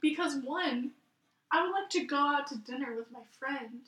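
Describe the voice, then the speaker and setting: A young woman co-hosting a podcast in casual chat, teasing and quick to laugh. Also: high voice. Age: young adult. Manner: giggly, teasing, animated. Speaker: podcast co-host. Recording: roomy, distant mic.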